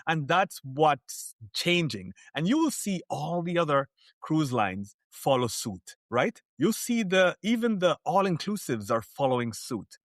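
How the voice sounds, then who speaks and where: A man as a podcast guest, talking in an animated, emphatic way and telling stories from the cruise world. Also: a little high, measured pace, no room sound, clean studio sound. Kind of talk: podcast interview.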